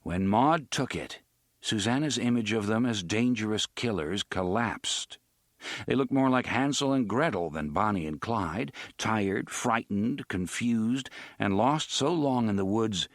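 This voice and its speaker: A man narrating a story in an expressive audiobook style. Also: on the low side, measured pace, no room sound, clean studio sound. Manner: expressive, varied delivery.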